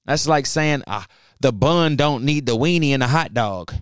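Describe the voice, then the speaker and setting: A man's voice: medium pitch, lively intonation, normal speed, clean tone, no room sound, studio quality. A young man hosting a podcast, ranting bluntly and profanely, heated and preachy. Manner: heated, fired up. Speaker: podcast host. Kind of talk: ranting solo podcast talk.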